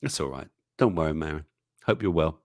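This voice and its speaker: This host's bass voice is lively, fairly quick, and a little mellow as he runs a casual news livestream, chatting and reading memes out loud. He chuckles often and exclaims at what he shows, recorded in studio quality with no echo.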